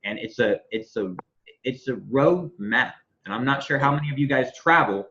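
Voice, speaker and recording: A man's voice: medium pitch, normal speed, muffled recording, a little hiss or hum. Profane, rambling man telling stories on a call. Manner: profane, rambling, animated storytelling. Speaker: host of a members' business call. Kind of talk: casual business call, storytelling.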